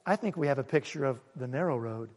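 A man preaching a sermon, swinging between loud and hushed and asking the congregation questions. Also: medium pitch, animated, fast talker, big-room sound. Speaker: pastor.

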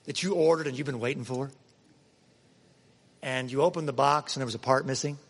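A man's voice: a little high, a bit bright, long reverb tail. A man preaching a sermon in a conversational way, often asking his listeners questions. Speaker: pastor.

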